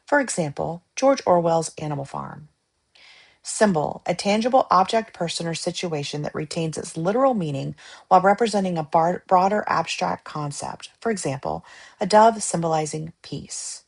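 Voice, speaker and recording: A woman reading study-guide definitions aloud in a measured, list-like way, pausing between terms. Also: on the low side, animated, gravelly.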